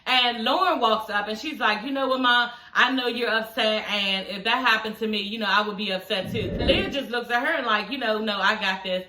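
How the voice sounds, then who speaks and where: A young adult woman giving a casual, animated recap of a TV episode, talking straight to her viewers and swearing freely. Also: a little high, fairly quick, hardly any pauses, reverberant, far from the mic, a little hiss or hum, poor audio. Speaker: TV episode reviewer.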